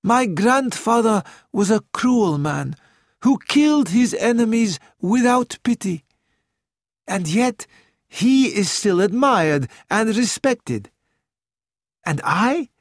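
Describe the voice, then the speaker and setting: A man's voice: sits high, expressive, slow pace, no room sound, studio quality, pitched above the performer's own voice, full character voice. A man reading an audiobook and voicing a sad, anxious young prince with an earnest, pleading manner. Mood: troubled.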